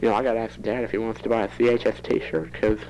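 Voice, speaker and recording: A man's voice: on the low side, flat delivery, quick pace, darkish tone, a little hiss or hum, poor audio. A teenage boy rambling into a home cassette recorder for his audio diary, chatty and prone to giggling. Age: teens. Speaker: student keeping a tape diary.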